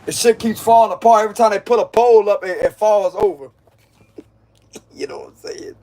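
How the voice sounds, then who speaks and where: A man's voice: sits high, fairly quick, gravelly, dark tone. A man giving a casual, mocking tarot reading, full of slang and frequent laughter. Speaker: tarot reader.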